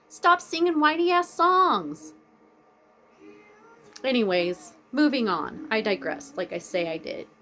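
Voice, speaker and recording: A woman vlogger chatting casually, rambling and drifting off topic, blunt and swearing freely. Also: mid-range voice. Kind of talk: casual chat. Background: faint music playing.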